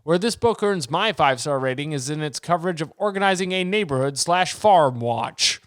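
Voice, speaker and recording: A man's voice: a little high, expressive, moderate pace, fairly bright tone, clean tone, no room sound. A man hosting a comedy podcast, chatting casually and reading aloud with dry, wry jokes. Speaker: podcast host.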